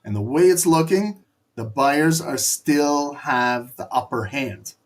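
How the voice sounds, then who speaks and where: Excitable man calling trades live. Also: medium pitch, takes it slowly. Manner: excitable, profane, jokey play-by-play. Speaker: live trading stream host. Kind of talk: live market commentary.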